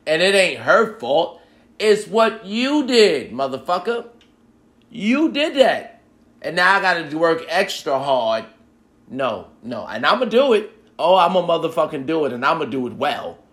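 Man, comedic rant, profane, emphatic, fairly high voice, forceful edge. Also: lively intonation, normal speed. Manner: profane, emphatic, talks straight to the listener; acts out both sides of a date.

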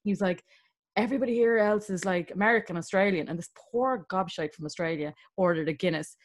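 A woman's voice: lowish voice, fast. Irish woman telling stories animatedly. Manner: animated storyteller, acts out voices. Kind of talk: casual chat.

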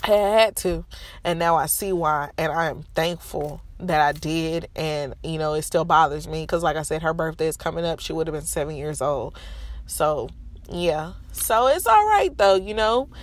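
Her voice is low and her pace moderate as this thirty-something vlogger speaks from her parked car in a school lot. She frankly and emotionally recounts something painful, her nose stuffy from holding back tears.

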